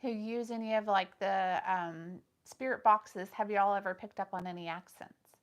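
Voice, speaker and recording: A woman co-hosting a livestream, reading viewer comments aloud and chatting casually, with frequent pauses and fillers. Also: mid-range voice, fairly even intonation. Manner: reads out chat comments, hesitant with many fillers. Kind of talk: casual live-stream chat with viewers.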